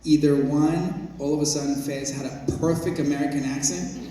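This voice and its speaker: A man's voice: on the high side, fairly even intonation, normal speed, dark tone. Chatty man in an echoey hall. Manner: chatty, laughs often, many fillers. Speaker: actor guest. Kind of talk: casual storytelling interview. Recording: echoey hall from far off, noisy.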